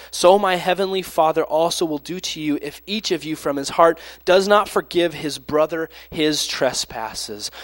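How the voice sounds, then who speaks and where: A man's voice: on the high side, no room sound. A man preaching a sermon, reading scripture aloud and explaining it, sometimes dropping to a near whisper.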